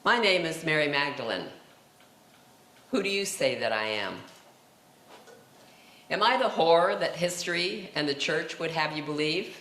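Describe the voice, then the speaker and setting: A man's voice: a little high, expressive, measured pace, long pauses, sharp tone. A man performing a dramatic monologue as Mary Magdalene, a passionate woman telling her own story with rhetorical questions, at a seminary talent show. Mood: earnest. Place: seminary event room. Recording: roomy echo, faint noise.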